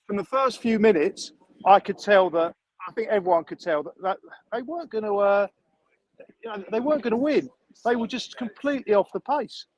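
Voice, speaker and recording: A man's voice: high voice, fairly quick, darkish tone, no room sound, low-quality recording. A man calling in to a fan show, making dry jokes with hesitant fillers. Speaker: caller. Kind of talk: fan call-in.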